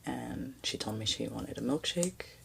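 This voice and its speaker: A woman hosting a spiritual podcast, telling a personal story in a soft, halting way that often sinks to a near-whisper, with many fillers and restarts. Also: extremely low pitch, lively intonation, gravelly, noisy background. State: tearful, emotional. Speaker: podcast host.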